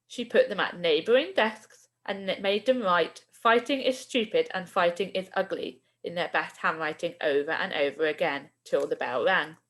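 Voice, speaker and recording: A woman, a primary school teacher, reading a children's book aloud with expressive storytelling. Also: on the low side.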